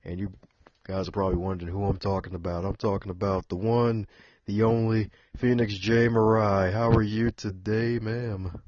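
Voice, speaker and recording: A man's voice: sits low, flat delivery, fairly quick, darkish tone, no room sound, dull audio. A man hosting a podcast interview in a playful cowboy-style drawl, chatting casually. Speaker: podcast host.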